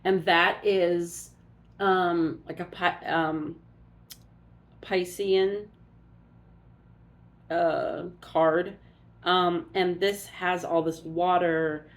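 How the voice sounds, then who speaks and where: A woman's voice: on the low side, steady tone, very slow, long pauses. A woman doing a casual oracle card reading, musing aloud and thinking as she goes.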